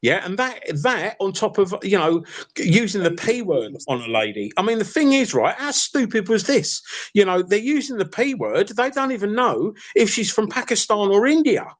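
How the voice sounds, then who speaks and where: High-voiced, insistent East London man. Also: very animated, moderate pace. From England. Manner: lecturing, insistent, calls listener mate and fella. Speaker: live stream participant. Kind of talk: heated casual argument.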